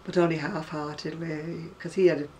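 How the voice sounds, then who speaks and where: A woman in her sixties from North West England, with a northern English accent, chats casually and rambles to camera about her crafts, laughing often. Her voice is low, level and a little mellow at a normal speed, recorded far from the mic with slight background noise.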